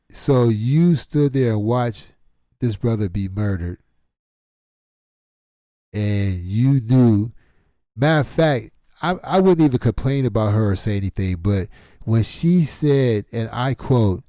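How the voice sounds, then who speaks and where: A man's voice: medium pitch, lively intonation, slow pace, warm tone, no echo. A middle-aged man from Detroit, speaking in a blunt, exasperated casual commentary monologue full of rhetorical questions. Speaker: channel host.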